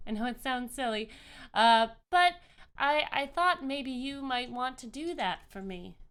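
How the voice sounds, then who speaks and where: A woman's voice: sits high, expressive, measured pace, a bit bright, smooth, pitched above the performer's own voice, full character voice. A woman voicing a small, cheerful goddess of joy who giggles and stammers sweetly. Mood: bubbly.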